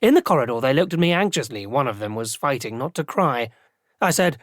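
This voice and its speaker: An audiobook narrator reading first-person fantasy narration in a measured, formal way. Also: mid-range voice, expressive, no echo. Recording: dry close studio recording.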